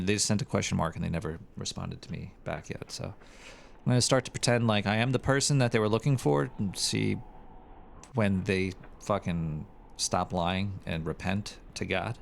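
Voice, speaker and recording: A man's voice: deep voice, expressive, normal speed, vocal fry, a little hiss or hum. A man hosting a live show, chatting in a rambling, crude, irreverent way. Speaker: show host. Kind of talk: casual livestream chat.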